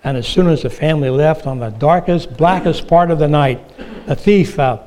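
A man preaching a sermon as a pastor, telling humorous stories and then growing hushed and earnest about forgiveness. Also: fairly high pitch, moderate pace. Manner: storytelling with humor, hushed and earnest when turning to God's forgiveness.

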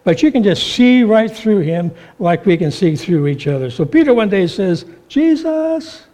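A man preaching a sermon, telling stories with animated delivery and acting out the voices in them. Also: high voice, normal speed. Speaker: pastor.

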